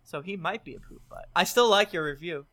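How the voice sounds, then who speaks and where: Male podcast co-host, bright high voice, jokey and self-mocking. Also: expressive, brisk. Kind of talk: casual chat, reading listener reviews.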